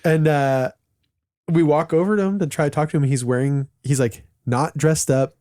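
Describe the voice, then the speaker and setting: A man in his late thirties tells casual stories on a podcast, wandering and loose, peppered with fillers and the odd curse. His voice is dark and mellow. The recording is dry and close. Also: on the high side, steady tone, normal speed, no room sound. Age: late 30s. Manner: rambling with many "like" fillers, swearing. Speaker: podcast co-host. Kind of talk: casual storytelling chat.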